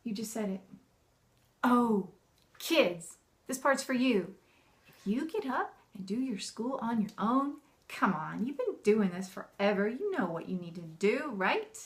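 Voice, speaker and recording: A chatty woman in a casual talk to camera, with a voice that sits a little high. She is animated and laughs often, slipping into bossy and cheerful parent voices as she talks through her tips as a homeschooling mom. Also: unhurried.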